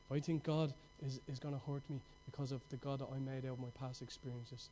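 A middle-aged man preaching a sermon with passion, telling stories and swinging between loud outbursts and hushed moments. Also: mid-range voice, fairly even intonation, fast talker, a little hiss or hum.

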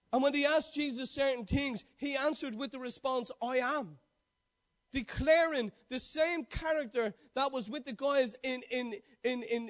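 A man with a notably high-pitched voice delivers a sermon. He stacks emphatic, repeated declarations one on another and catches and corrects his own slips as he goes. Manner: emphatic, repetitive declarations with frequent self-corrections. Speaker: preacher.

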